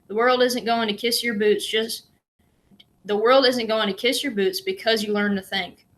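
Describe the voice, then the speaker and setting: A woman's voice: fairly high pitch, steady tone, moderate pace, fairly bright tone, close to an everyday voice. A woman reading as a stern prison warden. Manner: firm, clipped and authoritative. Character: stern middle-aged male prison warden.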